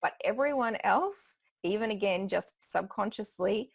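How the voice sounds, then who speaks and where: A woman coaches on public speaking in a relaxed, conversational way, breaking into laughs as she explains. Her voice has a gravelly, creaky edge, and her pitch sits in an ordinary middle range. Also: unhurried. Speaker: public speaking trainer, guest. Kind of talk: conversational expert advice.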